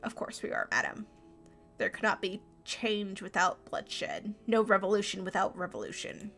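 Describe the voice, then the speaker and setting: A woman putting on a low, scheming male friar. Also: very animated, moderate pace, vocal fry, a bit bright, faint music behind. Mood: courteous. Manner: formal, courteous.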